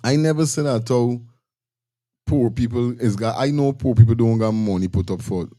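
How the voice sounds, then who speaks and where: A Guyanese man hosts an informal commentary and gives blunt opinions. He restarts his phrases often, and his voice is warm and dark at a middle pitch. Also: normal speed. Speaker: host. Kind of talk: casual commentary.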